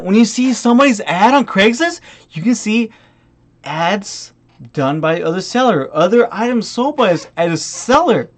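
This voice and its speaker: Swearing ranting man. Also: normal speed. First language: not English. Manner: angry, swearing, mocking quoted customers; animated, pitch jumping up and down. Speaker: vlogger. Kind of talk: buzzed profanity-laden rant.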